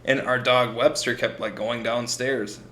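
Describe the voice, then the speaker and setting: A man's voice: medium pitch, fairly even intonation, unhurried, a bit bright, reverberant, slight background noise. A young man co-hosting a podcast, telling a story in a casual, profane way and acting out the quotes. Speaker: podcast co-host.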